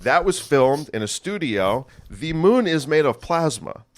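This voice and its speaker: A man from New Jersey, a comedian guest, bantering in deadpan, mock-serious podcast talk. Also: a little high, measured pace.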